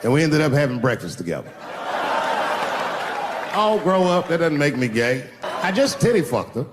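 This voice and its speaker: A male stand-up comedian telling stories live, animated and leaping into high shouted punchlines. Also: normal speed, over a noisy crowd. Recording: live hall with long reverb, faint noise.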